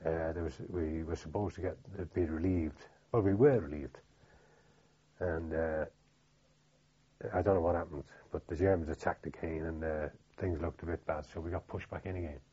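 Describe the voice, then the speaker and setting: An older man from Liverpool with a Liverpool accent, recalling wartime memories in an oral history interview, halting and plain-spoken with many restarts. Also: very deep voice, steady tone, dark tone, slightly rough. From Liverpool, England. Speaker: veteran interviewee. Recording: dull lo-fi recording.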